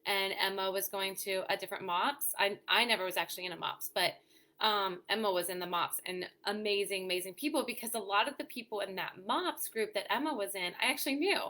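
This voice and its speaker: A woman's voice: medium pitch, brisk, sharp tone. A woman hosting a weekly live show for mothers, chatting casually and answering viewer comments with lots of "you know" and "um". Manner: frequent "you know" and "um" fillers. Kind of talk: casual live-stream chat.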